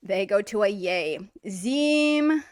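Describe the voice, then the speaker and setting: A woman teaching a language lesson in a casual, explanatory way, repeating words slowly to model pronunciation. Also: a little high, expressive, a bit bright, no room sound, studio quality.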